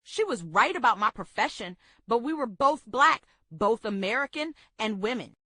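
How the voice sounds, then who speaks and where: A woman reading a memoir aloud for a book club, steady and measured. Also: a little high, no room sound.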